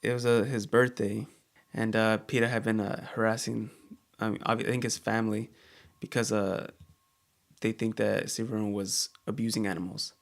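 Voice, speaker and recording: A man co-hosting a casual chat show, talking in a halting way with many fillers and restarts. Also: on the low side, flat delivery, vocal fry. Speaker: co-host.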